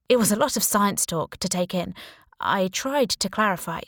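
A woman reading a first-person thriller audiobook, slow and deliberate with lively expression. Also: mid-range voice, no echo, studio quality. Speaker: audiobook narrator. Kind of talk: scripted first-person narration.

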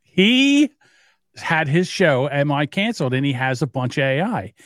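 A man with a South Jersey accent, co-hosting a casual podcast chat, halting and stumbling over words. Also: on the high side, big pitch swings, fairly bright tone, no room sound, clean studio sound. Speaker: podcast co-host.

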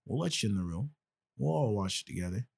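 A man's voice: on the low side, expressive, fast, vocal fry, a little mellow, husky. A man hosting a podcast in casual chat, loose, joking and rambling. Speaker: podcast host.

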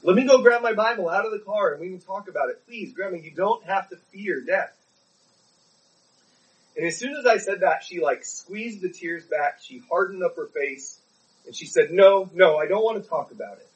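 A man's voice: high voice, moderate pace, far from the mic, low-quality recording. A man preaching a sermon, telling a personal story in an earnest, pleading way.

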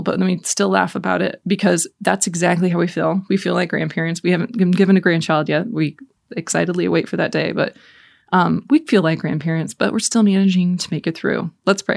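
A woman's voice: lowish voice, flat delivery, normal speed, vocal fry, darkish tone, dry recording, studio quality. A woman in her forties hosting a Catholic prayer talk, telling family stories in a chatty, laughing way before leading prayer. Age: 40s. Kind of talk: casual faith talk with storytelling and prayer.

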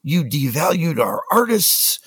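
A man's voice: fairly high pitch, very animated, unhurried, a bit bright, husky, no echo, clean studio sound, pitched above the performer's own voice, full character voice. A man putting on a furious, screaming male South African executive with a South African accent, berating someone down the phone.

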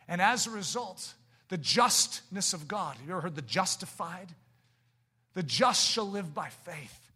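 A male preacher with a high, strikingly bright voice delivers a sermon. He drops into quiet, low stretches, then builds to shouted peaks, firing emphatic rhetorical questions at his listeners. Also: expressive, measured pace, husky. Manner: swings from hushed, low passages to shouted climaxes.

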